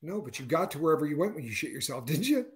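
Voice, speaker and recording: A man's voice: rapid-fire, a loud crowd. A man in his fifties, co-hosting a casual chat and acting out quotes with big jumps in his voice. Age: 50s. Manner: animated storyteller, acts out quotes with big pitch jumps. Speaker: co-host.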